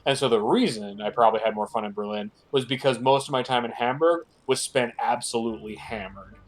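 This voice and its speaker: A man's voice: mid-range voice, brisk. Stuffy-nosed man rambling on stream. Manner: rambling, filler-heavy, jokey. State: stuffed-up nose. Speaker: guest co-streamer. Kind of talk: casual stream chat.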